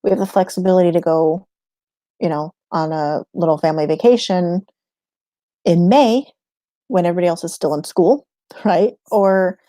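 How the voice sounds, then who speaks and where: A woman's voice: fairly low pitch, moderate pace, long pauses, warm tone, no room sound. A woman in a casual livestream chat, answering viewer questions about homeschooling, rambling and laughing often mid-sentence.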